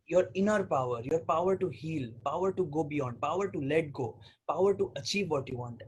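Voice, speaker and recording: A man's voice: on the high side, slight background noise. A young man telling a personal story as a spiritual healing teacher, speaking earnestly in repetitive lists of phrases. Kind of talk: storytelling talk.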